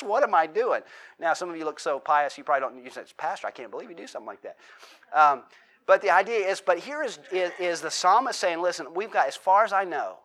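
Conversational preacher, fairly high voice. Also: male voice, fairly bright tone. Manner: conversational preaching, asks the congregation questions, acts out prayers. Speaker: pastor. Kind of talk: sermon.

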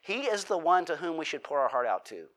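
A man's voice: on the high side, very animated, a little fast, fairly bright tone. A man preaching a sermon as a pastor, talking casually, asking the congregation questions and acting out heartfelt prayers.

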